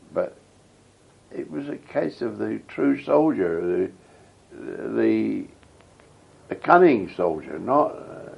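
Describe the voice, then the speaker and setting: Gravelly old man reminiscing. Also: on the low side, muffled recording. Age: older. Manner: rambling, reminiscing storyteller. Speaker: veteran interviewee. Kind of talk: oral history interview.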